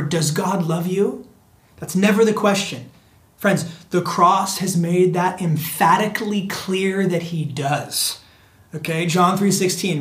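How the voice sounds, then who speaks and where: A preacher giving a sermon in an earnest, repetitive way, often calling the listeners friends and sometimes dropping to a hushed near-whisper for emphasis. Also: mid-range voice. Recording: echoey room.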